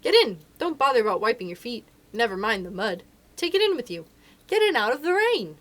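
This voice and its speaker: A woman voicing a kindly, bustling little man who is an animal doctor, in a brisk, excited and fussy way. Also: fairly high pitch. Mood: cheerful fussy.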